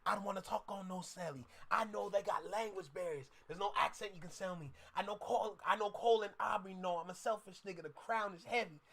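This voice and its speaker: A man hosting a reaction channel, reacting casually and swinging between loud outbursts and low muttering. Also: fairly quick, creaky, hardly any pauses.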